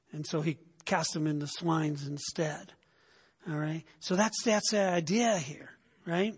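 A man's voice: fairly high pitch, measured pace, slightly rough, long reverb tail. A man preaching a sermon in a teaching tone, often checking in with his listeners with "okay?" and "right?".

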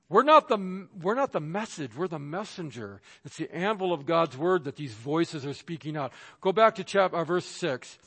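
In a large church sanctuary where his words echo with a long reverb, a male pastor preaches emphatically in a somewhat high, husky voice, acting out the people and voices he quotes. His intonation is lively and his tone fairly bright, and he moves at a normal speed with hardly any pauses.

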